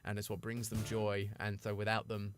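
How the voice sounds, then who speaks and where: A man chatting casually with his live-stream chat, playful and full of quick asides. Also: on the low side, completely flat delivery, music in the background.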